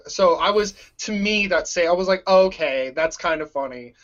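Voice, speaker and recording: Man, slightly high voice, excitable, gushing, laughs a lot, dull lo-fi recording. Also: moderate pace. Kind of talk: casual movie review chat.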